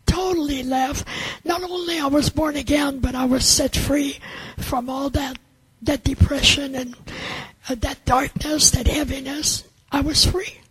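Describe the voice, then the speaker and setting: Older woman, earnest testimony, halting delivery, high-pitched. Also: fairly even intonation, fairly bright tone, no echo, poor audio. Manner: halting, earnest storytelling with many restarts. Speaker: testimony speaker. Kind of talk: personal faith testimony.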